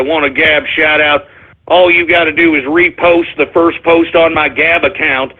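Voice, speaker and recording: A man hosting a live radio show, reading listener shout-outs and ranting at them in exasperation, often yelling at them to shut up. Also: fairly high pitch. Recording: tinny phone-like lo-fi audio.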